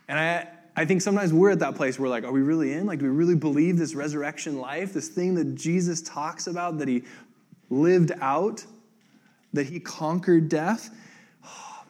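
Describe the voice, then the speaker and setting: A man's voice: on the high side, moderate pace, darkish tone. A man preaching a casual sermon in a conversational way, full of fillers, acting out the voices of the people in the story he tells. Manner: conversational, acts out quoted voices, many "like" fillers. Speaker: pastor.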